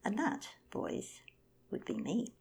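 A woman's voice: slow pace, darkish tone, natural voice. A woman voicing a vain, haughty female bird who wants to be queen, in a whispered storybook reading. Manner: haughty, dismissive.

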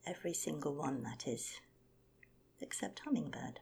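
A woman telling an animal fable in a whispered, expressive storytelling voice. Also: deep voice, moderate pace, creaky. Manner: lively, expressive narration.

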